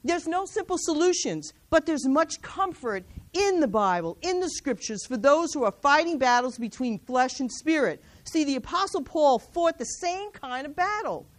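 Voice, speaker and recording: A woman's voice: high-pitched, expressive, normal speed, few pauses. A middle-aged woman preaching a sermon to a women's gathering, exhorting with rhetorical questions and reading scripture aloud. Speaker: women's ministry speaker.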